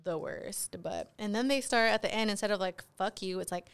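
A woman's voice: medium pitch, fairly quick, smooth. A woman hosting a casual podcast chat, talking bluntly and swearing freely. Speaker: podcast host.

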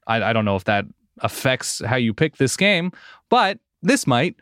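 Man, chatty sports analyst, expressive pitch, dry recording. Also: moderate pace, clean tone, no room sound. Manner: chatty analyst, self-correcting. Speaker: podcast co-host. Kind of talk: casual sports talk.

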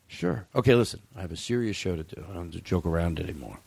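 Comedy podcast host, male, lively pitch, jokey showman riffs. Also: fast, vocal fry, slightly rough, no echo. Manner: animated, jokey, swings into mock showman bravado. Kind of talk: casual comedic banter.

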